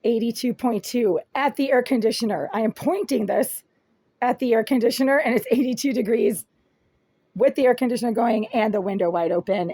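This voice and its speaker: Raspy-voiced aggrieved woman vlogging from home. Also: on the high side, brisk, mellow, dry recording. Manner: aggrieved, detailed, insistent. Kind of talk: first-person complaint video. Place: small apartment room, indoors.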